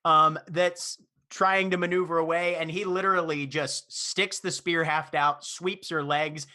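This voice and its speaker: A man's voice: fairly high pitch, fairly even intonation, a little slow, bright, forceful tone. A man running a tabletop game as game master, narrating scenes and laughing often as he goes.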